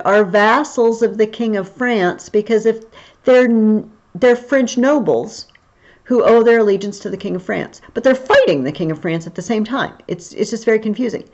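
A woman's voice: mid-range voice, darkish tone, highs cut off. A woman history teacher talking through a recorded video lesson in a chatty, explaining way.

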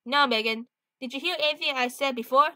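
A woman's voice: high voice, fairly quick, bright, forceful tone, no room sound, studio quality. A woman voicing an arrogant young bachelor in a story game, condescending and smug.

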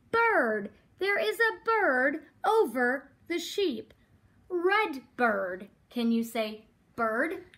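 A woman therapist reading a picture book aloud at home, slowly naming animals and colors and prompting a young child to repeat words. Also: high voice, sing-song, a bit bright. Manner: slow, exaggerated, prompting questions. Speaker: developmental therapist.

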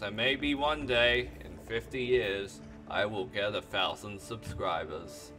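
A man's voice: on the low side, slow, few pauses, bright, forceful tone, soft background music. A man hosting a let's play, chatting casually while gaming, rambling, joking and swearing.

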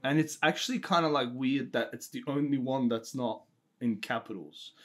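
A young man playing contestant in a friends' quiz, thinking out loud and giggling. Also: medium pitch, moderate pace. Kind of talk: casual joking banter.

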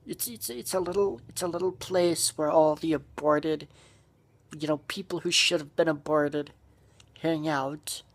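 Angry vlogger man, husky voice, profane shouting rant. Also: a little high, fairly even intonation, unhurried. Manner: profane, furious, shouting bursts. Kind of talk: angry ranting monologue.

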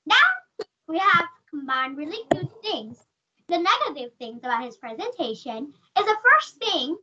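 A woman's voice: very high voice, sing-song, moderate pace, bright, forceful tone, slight background noise. A woman with a Vietnamese accent teaching an online class over a video call, asking questions and calling on students by name. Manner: calls on students by name, asks many questions. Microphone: computer mic on a video call. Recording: dull lo-fi video call audio.

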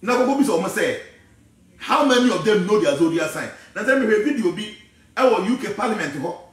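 A man with a Ghanaian accent, giving an animated, preachy talk that wanders from point to point. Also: sits high, a little fast, very echoey, far from the mic. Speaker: spiritual teacher. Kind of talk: casual talk mixing English and Twi.

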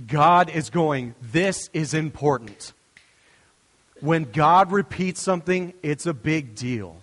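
Man preaching in an echoing hall. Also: a little high. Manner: storytelling, conversational, with restarts and asides. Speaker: pastor. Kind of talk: sermon.

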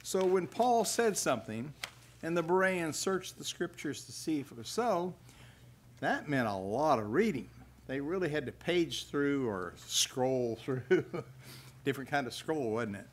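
A man's voice: on the high side, sing-song, a little slow. An older man giving a folksy sermon, chuckling now and then and reading scripture aloud. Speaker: preacher. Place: church hall at a religious festival.

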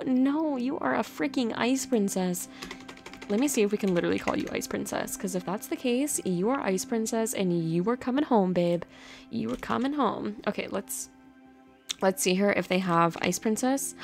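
A woman's voice: medium pitch, moderate pace, soft background music. Gushing woman narrating her game play. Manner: gushing, excitable, talks to her game horses. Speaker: gaming channel host. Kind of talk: casual game commentary.

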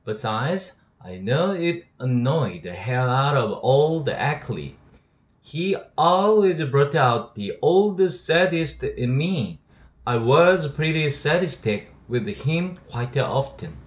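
A man's voice: medium pitch, very animated, slow. A man, an English teacher reading a novel aloud steadily and voicing its dialogue. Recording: roomy echo.

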